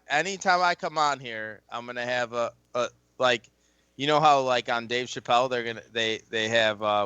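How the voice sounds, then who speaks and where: Bright, crisp-voiced male podcast guest. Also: mid-range voice, no room sound, dull audio. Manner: rambling, restarting sentences. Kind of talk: casual chat.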